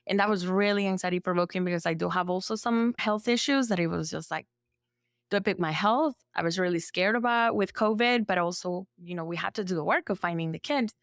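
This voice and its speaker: A woman therapist from El Salvador, speaking as a podcast guest in a relaxed storytelling way, full of "like" fillers and lively acted-out quotes. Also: fairly low pitch, fairly quick, no echo, clean studio sound. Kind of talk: conversational storytelling.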